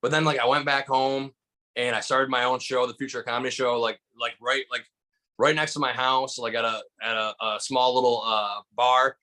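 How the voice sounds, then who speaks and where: A comedian from Michigan telling stories in a casual chat, rambling with lots of restarts and fillers. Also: male voice, mid-range voice, flat delivery, normal speed, sharp tone. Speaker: guest comedian.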